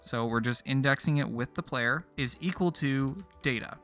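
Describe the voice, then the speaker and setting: Bright-voiced man explaining code step by step. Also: medium pitch, normal speed, soft background music. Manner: steady step-by-step explaining with casual fillers. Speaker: tutorial host. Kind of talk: screen-recorded coding tutorial.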